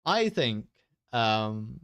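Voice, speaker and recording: A man's voice: mid-range voice, big pitch swings, very slow, fairly bright tone, clean tone, dry recording. Rambling, joking man streamer. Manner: rambling, joking, swears freely. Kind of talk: casual stream chat.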